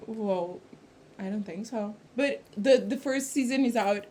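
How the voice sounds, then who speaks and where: A woman's voice: mid-range voice, measured pace, a little mellow. A woman from Italy, co-hosting a casual podcast chat. She talks freely, with lots of fillers and self-corrections. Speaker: podcast co-host.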